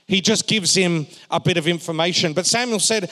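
A male pastor preaching a sermon, swinging between emphatic raised phrases and quiet, joking asides to the congregation. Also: high-pitched, moderate pace, few pauses. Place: church hall. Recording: long reverb of a large hall.

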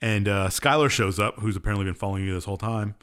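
A man's voice: lowish voice, quick pace, fairly bright tone, clear, resonant tone. A man co-hosting a podcast, casually retelling a game's story with lots of "uh" fillers. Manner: rambling plot retelling with many "uh" fillers. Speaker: podcast co-host.

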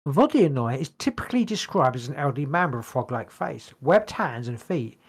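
A man's voice: medium pitch, very animated, brisk, breathy edge. A man co-hosting a podcast, reading notes aloud in casual chat, stumbling over words and swearing casually. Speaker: podcast co-host.

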